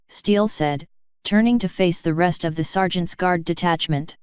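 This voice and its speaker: Smooth-voiced woman narrating a story. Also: lowish voice, normal speed, a little mellow, no room sound. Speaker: fanfiction reader. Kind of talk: audiobook narration. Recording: dry, slightly muffled.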